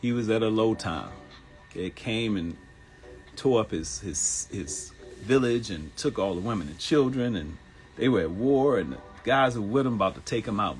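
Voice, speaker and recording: A man's voice: lowish voice, lively intonation, moderate pace, faint music behind. A middle-aged man hosting a casual solo talk show, talking in an earnest, emotional, rambling way with restarts. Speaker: host.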